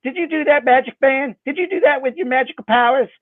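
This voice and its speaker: A furious little birthday girl scolds and accuses in a high, pinched voice, put on by a man telling a story. The sound is dry and tinny, like a phone line. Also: quick pace, no room sound. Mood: scolding. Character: outraged eight-year-old girl at her birthday party.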